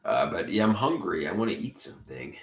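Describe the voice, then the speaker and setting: A man's voice: low-pitched, very animated, a little fast, a bit bright, echoey room. A man livestreaming from his room at home, rambling and swearing, often repeating himself. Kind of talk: rambling live stream monologue.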